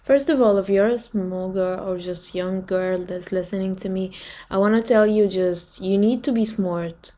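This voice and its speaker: A woman's voice: medium pitch, normal speed, warm tone. A woman reacting with emphatic, repetitive relationship advice aimed at young listeners. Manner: preachy, emphatic, repeats advice. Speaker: commentator. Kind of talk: advice commentary.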